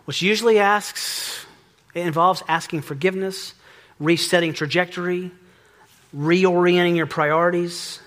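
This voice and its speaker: A middle-aged man preaching a sermon as pastor, lively and joking, acting out little exchanges. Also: high-pitched, measured pace. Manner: lively, joking, acts out dialogue.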